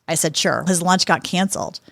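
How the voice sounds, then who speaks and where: A woman in her fifties, a guest on a podcast, telling lively anecdotes and acting out what people said. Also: on the low side, brisk, gravelly, dry recording. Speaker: podcast guest, sports executive. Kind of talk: conversational interview storytelling.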